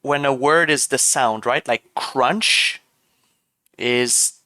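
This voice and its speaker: A man's voice: mid-range voice, slow, bright, forceful tone, dry recording. A young man with a Quebec French accent, a native French speaker, chatting casually while streaming a game. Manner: chatty, laughs often, shifts into playful French voices.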